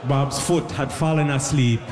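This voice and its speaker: A man doing a stand-up comedy set, telling jokey stories with quick asides to the crowd. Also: medium pitch, fairly even intonation, very noisy. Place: live comedy stage in a hall. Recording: live stage recording with long hall reverb.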